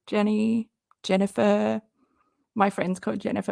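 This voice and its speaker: A woman's voice: mid-range voice, normal speed, vocal fry, a little mellow, no room sound, studio quality. A woman hosting a casual reaction livestream, chatty and sarcastic, rambling and laughing often. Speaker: livestream host.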